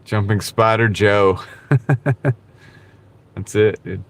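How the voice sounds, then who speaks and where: A man's voice: fairly low pitch, drawn-out words. A man hosting a live stream from his car while gig driving. He chats casually with viewers in a laid-back, rambling way and often says "dude". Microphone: wireless clip-on mic.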